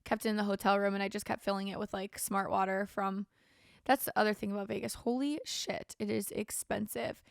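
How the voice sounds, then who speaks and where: A young woman with a gravelly, steady mid-range voice talks a little fast as she hosts a casual solo podcast. She's tired, yawning and has a sore throat, rambling with frequent "like" and "um." The sound is clean studio audio with no echo.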